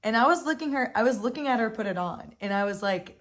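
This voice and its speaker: Fast and barely pausing, this recap host talks through a reality show in a fairly high voice. She's a young woman, animated and exasperated, full of "like" and unrestrained swearing.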